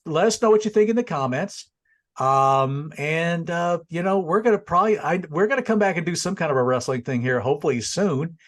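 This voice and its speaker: A man's voice: on the high side, fairly quick. A man hosting a casual music and wrestling review show, talking in a rambling, laid-back way with frequent restarts. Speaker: show host.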